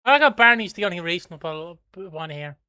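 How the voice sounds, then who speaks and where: Irish man, livestream reaction host, sweary and rambling, bright voice, dry close sound. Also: high voice, animated, brisk, clean tone, dry recording. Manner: swears freely, rambling and chatty.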